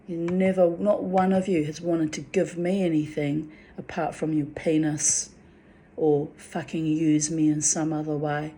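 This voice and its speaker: A woman's voice: deep voice, flat delivery, unhurried, dark tone, a little hiss or hum. A woman speaking in a raw, emotional monologue, venting and swearing about love and men. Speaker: spiritual vlogger.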